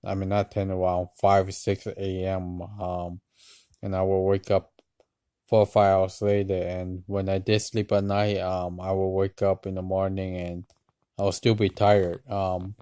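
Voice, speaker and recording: A tired man talking hesitantly to camera in a personal vlog, with many pauses and restarts. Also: sits low, completely flat delivery, clear, resonant tone, dry recording. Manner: hesitant, many ums and restarts, soft-spoken. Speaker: vlogger.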